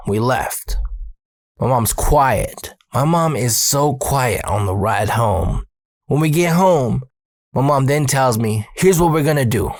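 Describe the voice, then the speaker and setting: A man telling a story from his youth in a casual, profane, animated way, full of slang. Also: mid-range voice, dry recording, clean studio sound.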